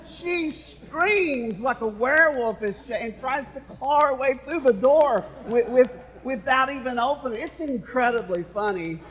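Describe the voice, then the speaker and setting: A man's voice: very high-pitched, animated, measured pace, few pauses, fairly bright tone, long reverb tail, a little hiss or hum, poor audio. A male pastor preaching a sermon, with playful asides to the congregation. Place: church sanctuary.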